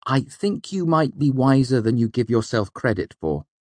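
A man's voice: medium pitch, expressive, normal speed, darkish tone, no echo, pitched above the performer's own voice, close to an everyday voice. A man voicing a young male musician who speaks politely and hedges his answers. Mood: earnest. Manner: hedging, modest.

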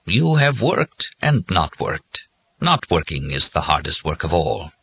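Man voicing an old robot priest, slow and distant. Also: sits low, huge pitch swings, slightly rough, full character voice. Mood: serene. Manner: slow, intoning, shifting from gentle to stern. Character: elderly male robot confessor machine, slow and otherworldly.

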